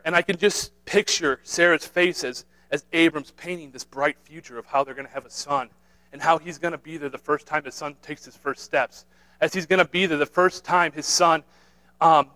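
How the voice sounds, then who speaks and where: On a rough recording, a man with a fairly high, sharp voice delivers an earnest sermon. He repeats himself, starts phrases over, and keeps tagging his points with "right?" for his listeners.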